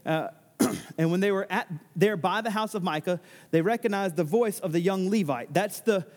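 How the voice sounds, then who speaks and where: Working through a scripture passage he reads aloud, this pastor gives an expository sermon at a normal speed, his voice sitting high in a big-sounding room. His style is conversational, marked by restarts and joking asides.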